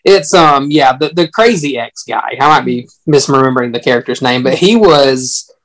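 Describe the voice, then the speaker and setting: A man's voice: medium pitch, moderate pace, a bit bright, rough recording. A man talking through a film in a casual chat, rambling earnestly with frequent restarts.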